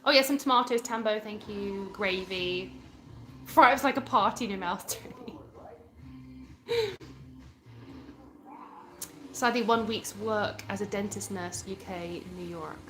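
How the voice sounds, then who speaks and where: A woman's voice: mid-range voice, measured pace, long pauses, fairly bright tone. A young British woman from England hosting a casual live stream, chatting and answering viewer comments as she reads them aloud. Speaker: livestream host.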